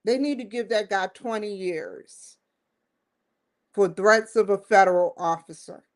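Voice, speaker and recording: Slow, emphatic woman giving commentary. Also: mid-range voice. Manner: emphatic, rambling, repeats herself. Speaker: show host. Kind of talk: opinion commentary monologue.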